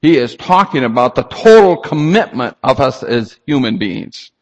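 A man's voice: mid-range voice, expressive, moderate pace, highs cut off. A man preaching a sermon, emphatic and rhetorical, reading scripture aloud and asking the congregation questions. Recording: long hall reverb.

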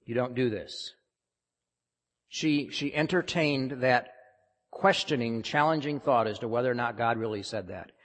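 A man's voice: medium pitch, a little slow, fairly bright tone. A man preaching a sermon, emphatic and often questioning the congregation. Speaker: pastor. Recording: long hall reverb.

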